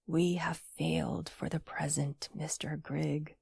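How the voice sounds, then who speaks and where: A woman voicing a fussy old gentleman alchemist in an audiobook, with pleading, insistent delivery. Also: deep voice, little pitch movement, takes it slowly, creaky, breathy edge, no room sound, studio quality, exaggerated voice. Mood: anxious. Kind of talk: audiobook character voice.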